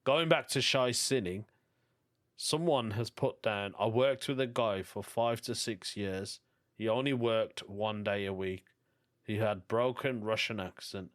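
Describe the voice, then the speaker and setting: A man's voice: on the low side, measured pace. A man with a Birmingham accent hosting a comedy podcast, reading listener stories aloud in a casual monologue and chuckling often. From England.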